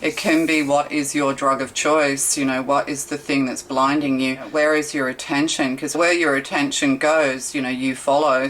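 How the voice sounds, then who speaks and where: A woman's voice: extremely low pitch, fairly bright tone, poor audio. A woman reading tarot cards for her viewers, in a rambling, chatty way full of rhetorical questions and fillers. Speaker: tarot reader. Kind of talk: casual tarot reading monologue.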